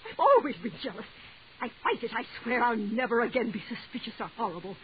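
An actress playing a frantic jealous wife. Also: female voice, fairly high pitch, lively intonation, quick pace, close to an everyday voice. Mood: pleading. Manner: pleading, breathless and overwrought. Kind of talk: 1940s radio acting. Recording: tinny old radio broadcast with hiss.

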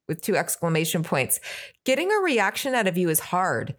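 A woman's voice: fairly low pitch, fairly quick. A woman co-hosting a podcast, telling a gossip story in casual chat and voicing text messages as she reads them out. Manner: retells text messages in animated voices. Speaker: podcast co-host.

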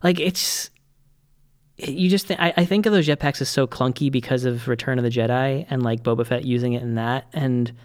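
A man in casual podcast chat as co-host, rambling and animated with quick asides. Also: medium pitch, smooth.

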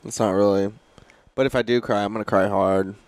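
A man's voice: on the low side, fairly even intonation, brisk, darkish tone, a little hiss or hum. A young man co-hosting a podcast in casual chat, rambling and restarting his sentences, laughing easily. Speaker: podcast co-host.

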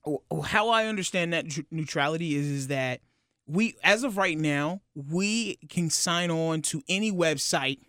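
A young man co-hosting a podcast, talking casually and explaining things haltingly, with many restarts. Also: a little high, a bit bright, smooth, no echo, studio quality. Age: young adult. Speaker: podcast co-host. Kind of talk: casual chat. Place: radio building studio.

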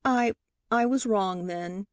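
A woman's voice: lowish voice, slow pace, no room sound, clean studio sound. A woman reading the part of a sentimental, defensive woman witness in a courtroom, speaking sweetly. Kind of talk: audiobook character reading.

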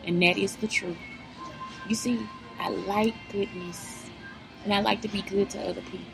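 Woman, vlogger, gravelly voice, blunt and profane, preachy motivational talk, music underneath. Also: medium pitch, steady tone, moderate pace, rough recording. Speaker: vlogger giving life advice.

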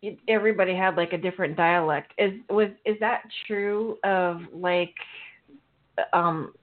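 A woman's voice: fairly low pitch, fairly even intonation, a little slow. A woman hosting a casual podcast, asking questions and dropping in lots of small agreements. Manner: asks questions, frequent backchannels. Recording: tinny phone-like audio.

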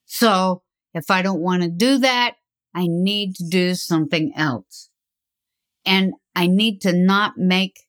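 An older woman talking through life advice in an unhurried, rambling way, chuckling now and then. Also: fairly low pitch, fairly bright tone. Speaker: speaker giving life advice. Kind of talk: slow reflective talk.

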